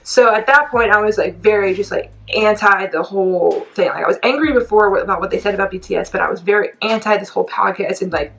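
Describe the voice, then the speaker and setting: A woman in her twenties ranting casually to camera as a K-pop vlogger, animated and indignant, rambling and laughing between points. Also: mid-range voice, quick pace, gravelly, few pauses, low-quality recording. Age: 20s.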